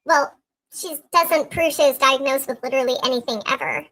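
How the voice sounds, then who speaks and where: A woman co-host chats with her voice pushed through a squeaky filter, so it comes out thin and high. She hesitates often, filling gaps with ums. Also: brisk, a bit bright, slight background noise, rough recording. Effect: squeaky pitch-raising voice filter. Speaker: podcast co-host. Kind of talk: casual chat.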